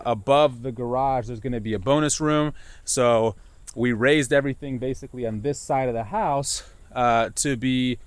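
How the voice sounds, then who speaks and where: Rambling man chatting to camera. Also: smooth. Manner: rambling, animated, jumps pitch when quoting himself. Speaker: owner builder vlogger. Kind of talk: casual talk to camera. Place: outdoors on a building site.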